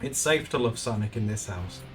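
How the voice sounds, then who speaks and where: Chatty man, lively voice. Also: on the low side, normal speed, faint music behind. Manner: chatty, rambling, laughs often. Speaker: art streamer. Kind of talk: casual live-stream chat.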